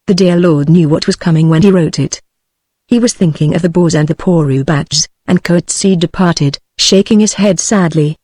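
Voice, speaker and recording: A text-to-speech woman's voice with a British accent, reading a novel aloud in an even synthetic delivery. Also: on the low side, normal speed, no room sound. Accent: British English. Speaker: audiobook reader.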